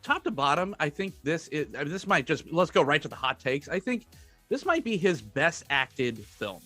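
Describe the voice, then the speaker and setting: Lively laid-back male podcast host. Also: on the high side, normal speed, no room sound, faint music behind. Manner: laid-back, joking, hedging restarts. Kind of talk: casual movie review chat.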